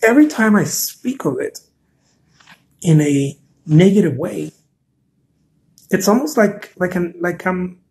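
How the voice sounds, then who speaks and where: A man's voice: high voice, lively intonation, measured pace, vocal fry, long pauses, a little mellow. Man, live-stream host, chatty and earnest, encouraging tone, repeats himself while reading viewer comments. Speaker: artist hosting a live stream. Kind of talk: casual live-stream talk.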